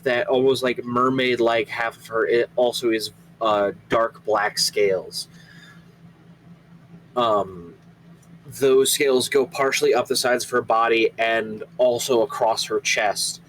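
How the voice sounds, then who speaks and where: A young man narrating as game master, describing scenes in an unhurried way, with many fillers. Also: medium pitch, fairly bright tone, slight background noise, rough recording.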